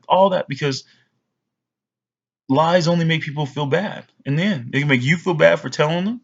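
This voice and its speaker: A man's voice: fairly high pitch, normal speed, vocal fry, pauses often, lo-fi sound. A man in his forties giving blunt fatherly advice to his young sons in a rambling, casual way, full of fillers. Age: 40s. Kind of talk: casual to-camera talk.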